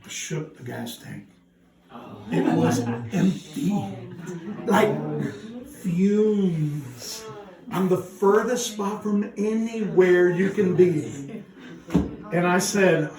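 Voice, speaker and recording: A man giving a son-in-law's speech, telling a comic story in an animated way and laughing as he goes. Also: high voice. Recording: echoey hall from far off with crowd.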